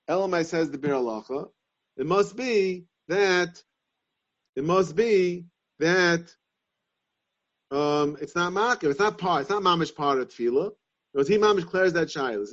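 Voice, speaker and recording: A man giving a Talmudic lesson, reasoning aloud in halting, repeated phrases. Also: on the high side. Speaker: Torah class teacher. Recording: dull lo-fi sound.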